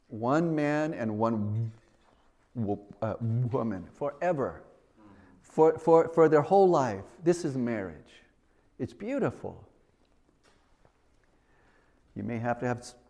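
Guy preaching, earnest, repeats stuff, plays out little chats. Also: mid-range voice. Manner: earnest, repeats himself, acts out dialogue. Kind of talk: sermon.

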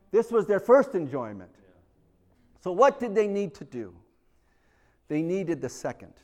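A man preaching a sermon, telling the story with animated swings from loud to hushed. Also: sits high.

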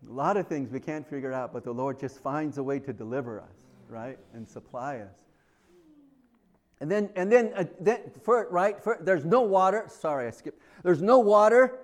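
Animated, expressive male preacher. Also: medium pitch. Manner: animated storytelling, swinging from loud to hushed. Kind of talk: sermon.

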